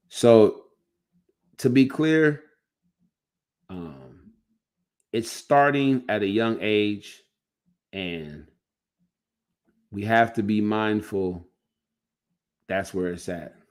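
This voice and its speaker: A man hosting a casual livestream, commenting loosely and restarting his sentences as he goes. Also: fairly low pitch. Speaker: livestream host and coach.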